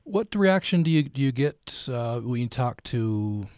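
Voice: mid-range voice, lively intonation, a little slow, a little mellow. A radio interviewer asking brief, attentive questions and giving short replies.

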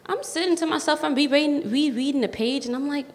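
A teenage girl from New telling a personal story on stage, lively and youthful, with quick bursts of excitement. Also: sits high, a little hiss or hum. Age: teens. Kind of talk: live storytelling. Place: community school event space. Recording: long hall reverb.

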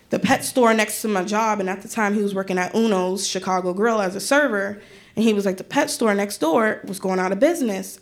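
A woman's voice: mid-range voice, gravelly. A young woman telling a funny personal story on stage, acting out her relatives' voices with lots of energy. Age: young adult. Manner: animated, acts out relatives' voices.

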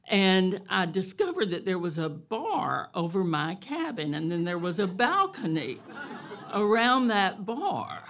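Woman storyteller at a live show, slow unhurried delivery, wry and animated. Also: lowish voice. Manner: wry and animated, loud cattle calls. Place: stage at a live event.

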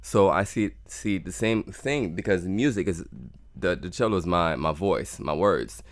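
A man's voice: low voice, measured pace, no room sound. A man, a cellist, talking earnestly in an interview and reflecting on his music. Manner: earnest, reflective, repeats words. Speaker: cellist guest. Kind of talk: conversational interview.

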